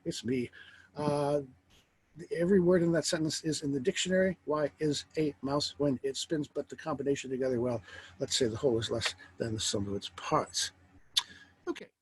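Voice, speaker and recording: A middle-aged man teaching a philosophy lecture in a wry, lively way, asking rhetorical questions. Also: fairly high pitch, moderate pace, a little hiss or hum, low-quality recording.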